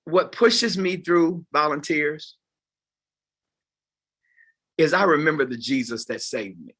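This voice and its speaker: Bright-voiced preacher in his fifties. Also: slow, breathy edge. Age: 50s. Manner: expressive preacher, sweeping from loud highs to quiet lows. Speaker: pastor. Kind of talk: closing sermon to volunteers. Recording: live talk before a group.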